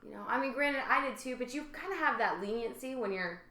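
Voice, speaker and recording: A woman's voice: on the high side, lively intonation, fast talker, bright, forceful tone. A woman co-hosting a podcast, telling stories in a chatty, casual way and laughing often. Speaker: podcast co-host. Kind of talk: casual chat. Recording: roomy echo.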